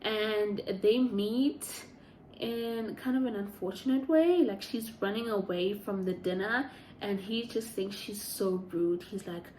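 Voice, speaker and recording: A woman's voice: medium pitch, slow, darkish tone, slight background noise. A woman chatting casually as a book reviewer, gushing about stories and rambling with lots of fillers. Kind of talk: casual chat. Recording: echoey room.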